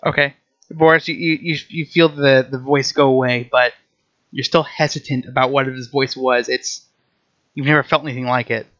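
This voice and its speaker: A man's voice: medium pitch, steady tone, moderate pace, a bit bright, no echo, lo-fi sound. A man narrating a tabletop game as game master, describing scenes to the players in second person.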